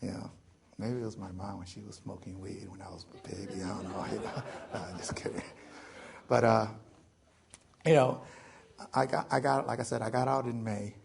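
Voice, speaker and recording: A man's voice: on the low side, creaky. A man in his forties telling his own survival story to an audience in a loose, joking way, full of fillers. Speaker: veteran speaker.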